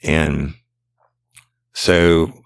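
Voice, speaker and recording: A man's voice: very deep voice, flat delivery, extremely slow, vocal fry, smooth. A man, a former detective hosting a podcast, bluntly retelling a case in casual, profane storytelling and constantly repeating what he said. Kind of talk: casual true-crime storytelling.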